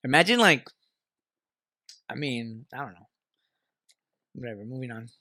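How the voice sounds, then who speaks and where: A man's voice: medium pitch, lively intonation, unhurried, bright, forceful tone, dry recording. A man co-hosting a podcast in a studio, telling stories in a rowdy, profane, slang-heavy casual chat. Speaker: podcast co-host.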